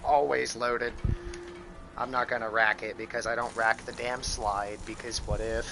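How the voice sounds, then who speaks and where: A man's voice: medium pitch, fairly even intonation, normal speed, vocal fry, over music, poor audio. An American man rambling profanely in casual chat while live-streaming a game, full of restarts. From United States.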